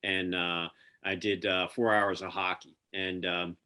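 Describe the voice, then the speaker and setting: A man's voice: deep voice, flat delivery, a little slow, pushed and bright. A man with a Philadelphia accent hosting a casual interview over a video call, chatty and rambling with lots of fillers. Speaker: podcast host. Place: home near Atlanta.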